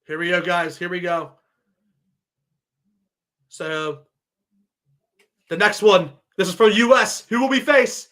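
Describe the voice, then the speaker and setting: A man giving a live reaction to a sports draw, excitable and thinking aloud as he keeps addressing his viewers. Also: sits high, takes it slowly, long pauses. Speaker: sports vlogger.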